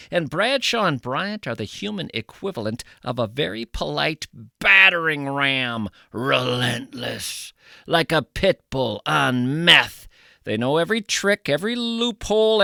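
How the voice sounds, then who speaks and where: A man hosting, delivering a deadpan, playful comedic monologue and ad read. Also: fairly high pitch, measured pace, gravelly, no room sound, studio quality. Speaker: host.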